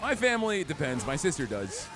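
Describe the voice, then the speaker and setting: A young man commenting excitedly on his gameplay, chatty and trash-talking enemies as he streams. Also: on the high side, fast. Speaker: gaming streamer. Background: game music.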